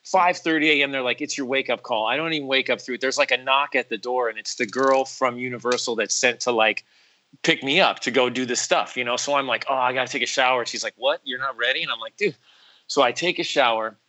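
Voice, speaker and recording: A man telling a story in casual chat, animated and acting out quotes in other voices, with lots of "like" and "bro". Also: medium pitch, fast, low-quality recording.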